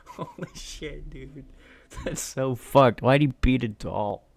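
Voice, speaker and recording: A man's voice: mid-range voice, takes it slowly, gravelly. A man in casual let's-play commentary, joking, swearing and muttering reactions on a close microphone. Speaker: gaming streamer.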